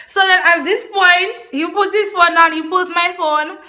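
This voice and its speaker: Young woman, storytime vlog, high voice, bright tone, chatty and animated, laughs a lot. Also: moderate pace. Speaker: vlogger.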